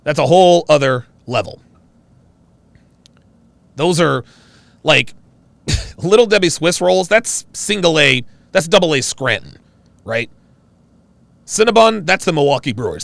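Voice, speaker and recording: A man hosting a casual live-stream chat, reacting excitedly with loud exclamations. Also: a little high, unhurried, vocal fry, long pauses, no room sound.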